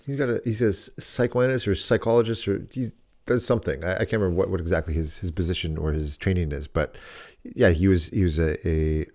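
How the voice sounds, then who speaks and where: Deep-voiced rambling dad podcaster. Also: male voice, fast, darkish tone. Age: adult dad. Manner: rambling, many restarts and "like" fillers. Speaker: podcast co-host. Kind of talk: casual storytelling chat.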